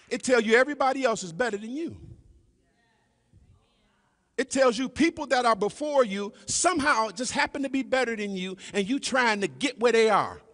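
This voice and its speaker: A man preaching a sermon to a congregation, calling out to them over and over and dropping to low murmurs between emphatic lines. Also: fairly bright tone. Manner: calls and responses to the congregation, repetitive "y'all". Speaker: pastor. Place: church sanctuary. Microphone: live stream. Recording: long hall reverb.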